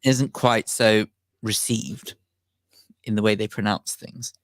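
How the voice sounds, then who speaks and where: A man, co-hosting a radio show in a polite, measured, well-spoken way. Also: lowish voice, steady tone, dry recording. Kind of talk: casual studio banter. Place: radio studio. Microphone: studio microphone.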